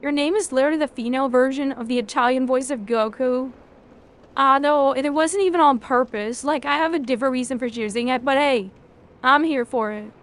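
A woman's voice: sits high, fairly quick. A woman streaming a video game, chatting casually with her chat, rambling and swearing freely.

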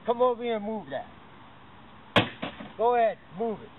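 A man's voice: high-pitched, expressive, normal speed. A man, rambling and swearing as he explains how he fixes a bike pedal, in unscripted documentary footage. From Massachusetts, USA. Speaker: documentary subject. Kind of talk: unscripted talk while fixing a bike pedal. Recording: harsh phone-like camera audio with loud background noise.

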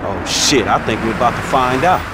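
An actor playing a streetwise young man who talks in slang and swears excitably in a video game. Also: medium pitch, fairly quick, heavy background noise, lightly acted. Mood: tense. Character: streetwise young male getaway driver. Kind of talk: video game cutscene acting.

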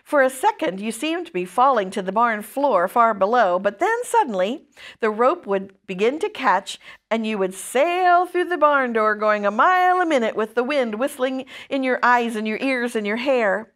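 Expressive woman reading aloud to kids. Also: a little high, moderate pace. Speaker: children's ministry storyteller. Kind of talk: reading a chapter book aloud to children.

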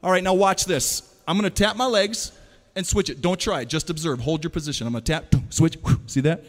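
A man performing an interactive stage show for children, playfully calling out quick commands and teasing his audience. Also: a little high. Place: large hall. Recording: long hall reverb.

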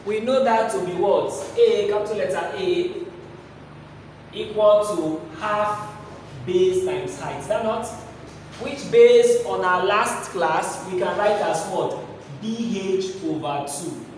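A man's voice: high-pitched, slow, slight background noise. A man teaching a maths lesson, asking rhetorical questions and repeating key phrases. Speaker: mathematics teacher. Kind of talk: classroom lesson. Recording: echoey hall, voice from far off.

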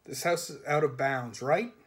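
A man's voice: medium pitch, moderate pace, fairly bright tone, close to an everyday voice. A man voicing a stern, unflappable young woman who is a governess, speaking firmly and dryly. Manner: dry, firm, no-nonsense.

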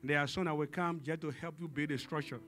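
A man preaching a sermon as pastor in a church service, dramatic, swinging from hushed tones to shouting and calling on the congregation for responses. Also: on the high side, fairly even intonation, fast, faint music behind.

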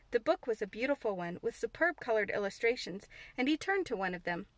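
A woman reading a classic children's novel aloud in steady, clear narration. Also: fairly high pitch, a little fast, no echo. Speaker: audiobook reader. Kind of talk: scripted narration.

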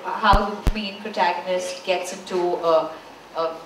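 A woman's voice: lowish voice, steady tone, unhurried. A woman moderating a book launch, asking questions hesitantly with lots of fillers. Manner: hesitant, many fillers and restarts. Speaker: event moderator. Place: bookstore event space. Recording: echoey room, far from mic, background noise.

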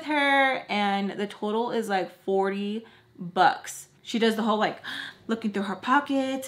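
Animated young woman telling a storytime. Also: medium pitch, normal speed. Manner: animated, acts out quotes with voices, slangy. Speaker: vlogger. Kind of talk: storytime while doing makeup.

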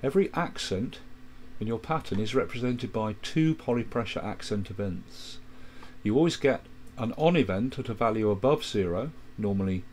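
Low-voiced man explaining music software. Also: a little hiss or hum. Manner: explanatory, steady, with quick asides. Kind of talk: screen-recorded software tutorial.

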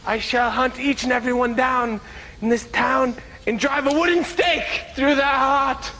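A man's voice: very high-pitched, steady tone, measured pace, pushed and bright, big-room sound, full character voice. A man playing a melodramatic Hamlet, declaiming grandly on stage. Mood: heroic.

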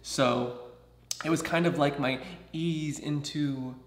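A man's voice: fairly high pitch, fairly even intonation, takes it slowly. Vlogger, man in his thirties from Southern California, candid and chatty, slightly raised voice, roomy echo on the track. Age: 30s. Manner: chatty, candid, acts out other people's lines. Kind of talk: casual personal vlog.

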